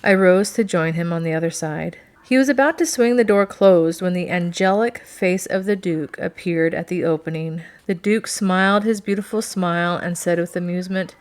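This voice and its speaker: A woman narrating a first-person romance novel in a steady, expressive reading. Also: lowish voice, normal speed, hardly any pauses. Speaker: audiobook narrator.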